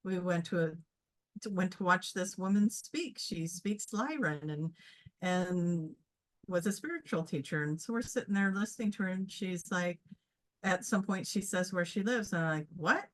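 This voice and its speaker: A woman's voice: lowish voice, moderate pace. A woman chatting casually as co-host, earnest and reflective as she shares a story. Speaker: QHHT practitioner, co-host.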